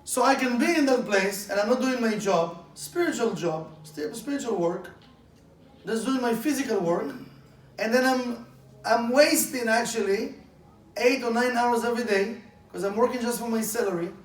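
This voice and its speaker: High-voiced eager male teacher, echoey room. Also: moderate pace, a little hiss or hum. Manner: eager, asks many questions; broken, non-standard English grammar. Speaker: Kabbalah teacher. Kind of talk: class lecture. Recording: echoey room, mic far off.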